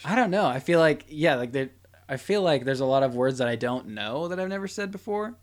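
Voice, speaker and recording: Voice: medium pitch, lively intonation, brisk. A podcast co-host chatting casually, laughing through many lines. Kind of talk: casual joking chat.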